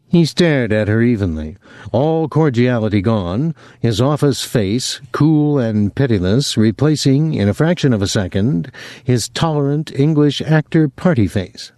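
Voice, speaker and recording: A male audiobook narrator tells the story in an even, measured way, his pitch moving in a lively fashion and his tone dark and mellow. The recording is dry and close, with no echo.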